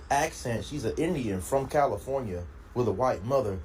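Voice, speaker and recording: A man's voice: mid-range voice, animated, a little slow, darkish tone, rough recording. An indignant man speaks in a casual commentary clip, incredulous and exasperated. Faint background noise runs under his voice.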